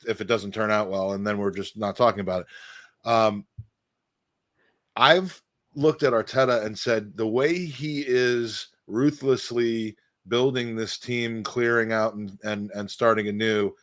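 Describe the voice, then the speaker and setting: A man's voice: mid-range voice, no echo, clean studio sound. A man hosting a football podcast, musing in a rambling, thoughtful way with frequent restarts. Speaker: podcast host. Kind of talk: casual football chat.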